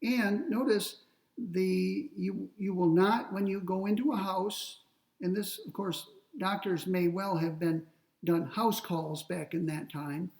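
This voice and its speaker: Gravelly-voiced man giving an ethics lecture. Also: sits high, fairly even intonation, a little mellow, far from the mic, poor audio. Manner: deliberate, explains step by step, slows to read quoted text. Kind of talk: classroom lecture.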